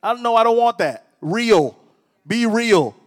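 In a very high-pitched, expressive voice at a measured pace, a middle-aged man preaches casually, telling personal stories and teasing the congregation. The recording carries a long hall reverb.

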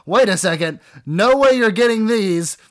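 A man's voice: high-pitched, expressive, normal speed. A man hosting a casual comedy game with a friend, reading prompts and laughing often. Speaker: co-host running an impressions game.

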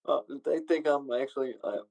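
A man's voice: medium pitch, fairly even intonation, fairly quick, vocal fry, a little mellow, no echo, poor audio. A man co-hosting a podcast in casual, joking chat, laughing often. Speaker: podcast co-host.

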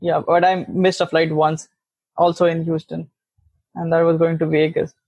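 Man, casual chat, blunt and wry, flat delivery, phone-like dry sound. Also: on the high side, vocal fry, slightly rough, no echo. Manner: blunt, unhurried, wry remarks.

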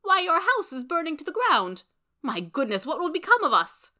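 A woman voicing a fussy, excitable elderly aunt in a storybook reading, shrill and fluttering. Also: fairly quick. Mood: alarmed.

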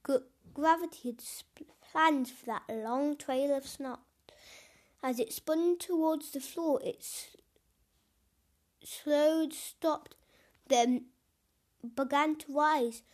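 A high-voiced woman reads a children's storybook aloud at an unhurried pace. Her delivery is gentle, with small stumbles over a word here and there, like a host running a storytelling corner.

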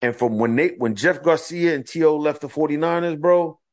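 Speaking at a moderate pace in a higher-than-average register, this male podcast co-host chats casually. His storytelling is lively and full of swearing, with plenty of quoted back-and-forth.

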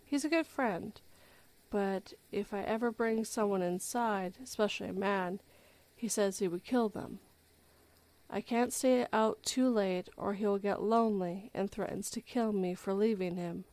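A woman hosting a livestream, reading a horror story aloud in a relaxed way and often correcting herself. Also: mid-range voice, measured pace. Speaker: story reader and livestream host.

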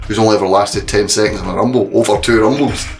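A man co-hosting a casual talk podcast, rambling and animated with many restarts. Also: fairly low pitch, fast, vocal fry, soft background music. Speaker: podcast co-host. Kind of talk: casual chat.

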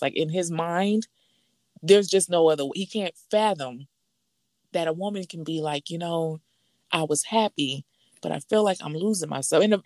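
Woman riffing on a podcast, low-pitched voice, jumps way up when she acts out quotes, dry close sound. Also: no room sound. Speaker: podcast co-host. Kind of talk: casual chat about a reality show.

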